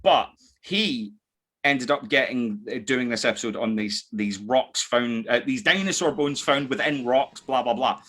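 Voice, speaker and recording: This Scottish podcast host, whose accent is a blend from living all over, keeps the chat casual with jokes, swearing and quick banter full of restarts. He talks into a desk mic in a mid-range, slightly bright voice.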